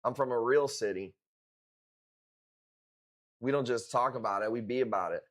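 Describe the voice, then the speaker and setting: A man hosts a live coral sale. He talks in a laid-back, unhurried way, swears often and leans on street slang, with his voice sitting at an ordinary middle pitch. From Chicago. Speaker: live-stream coral seller. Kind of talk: casual live-stream chat.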